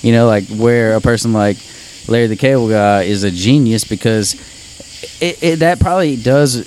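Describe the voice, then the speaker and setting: Speaking at medium pitch and a moderate pace, a man with a Central Louisiana Southern drawl chats casually but emphatically, cursing freely and rambling on to make his point. His tone is darkish, and the low-quality recording carries a little hiss or hum.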